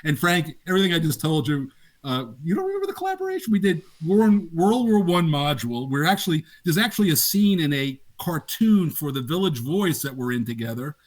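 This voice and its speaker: A man's voice: a little high, fairly quick. An older man, a game designer, casually telling laughing anecdotes in an interview. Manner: animated, laughing anecdotes with acted quotes.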